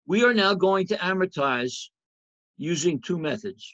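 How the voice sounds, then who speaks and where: A male instructor walks through a lecture in a loose, conversational way, tossing rhetorical questions at the class. His voice sits a little high for a man. The recording is dry and slightly muffled. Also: lively intonation, a little slow, a bit bright, no room sound. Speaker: accounting instructor. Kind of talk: lecture over slides.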